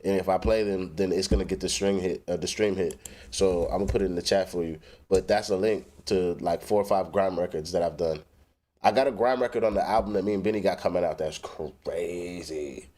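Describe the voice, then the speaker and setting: A man's voice: low voice, fairly quick, dark tone. A man chatting casually with viewers on a livestream, loose and profane, reacting to comments between tracks. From northern England. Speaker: livestream host and rapper.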